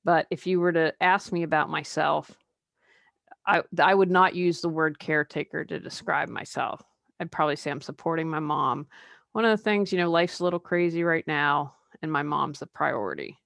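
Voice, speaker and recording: A woman hosts a solo coaching podcast in a lowish voice. She talks in a conversational, candid way and adds personal asides. The recording is dry and close. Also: moderate pace, vocal fry, a bit bright, dry recording. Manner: conversational, drops into mocking put-on quotes. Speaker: life coach and podcast host.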